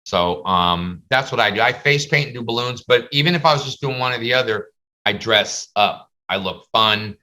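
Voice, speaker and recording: A man's voice: medium pitch, lively intonation, normal speed, sharp tone. A man teaching a class over a video call, chatty and full of stories. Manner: chatty, storytelling, slips into comic voices. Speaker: face painting instructor.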